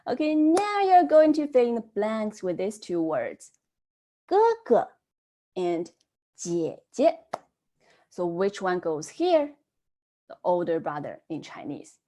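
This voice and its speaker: A woman leads an online language class at an unhurried pace. Her pitch swings widely as she models each word, then prompts the class to try it themselves. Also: very animated, warm tone. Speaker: Chinese language teacher.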